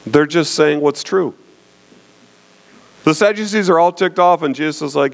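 A man's voice: a little high, moderate pace, vocal fry. A man preaching a sermon, explaining scripture with rhetorical questions and frequent check-ins with his listeners. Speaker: pastor.

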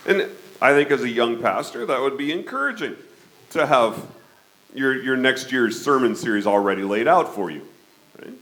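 A man in his fifties preaching a conversational sermon, often checking in with his listeners with a quick "okay?". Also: mid-range voice, animated, fairly bright tone, low-quality recording. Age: 50s. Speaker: pastor.

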